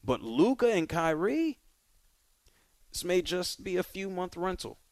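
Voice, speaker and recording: Sports radio guy ranting hard, kinda high voice, dry close studio mic. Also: big pitch swings, a little slow, no echo. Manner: emphatic, opinionated, punchy repetition. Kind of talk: sports talk radio monologue.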